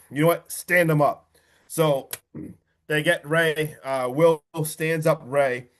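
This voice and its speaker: A man hosting a podcast, excitedly recapping a horror film, swearing and acting out quotes. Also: on the high side. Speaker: podcast host.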